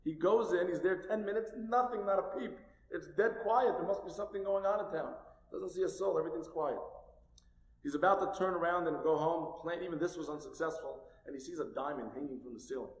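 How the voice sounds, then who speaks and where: A man telling a traditional tale aloud, animated and swinging between loud and hushed. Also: fairly high pitch, a little fast. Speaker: storyteller. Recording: echoey hall.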